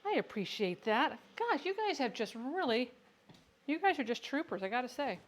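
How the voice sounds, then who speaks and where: Woman, somewhat high voice, casual livestream canning host, chatty, muttering to herself as she works. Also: big pitch swings, normal speed. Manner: chatty, answers viewer questions, talks to herself while working. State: has the hiccups. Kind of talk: casual livestream cooking chat.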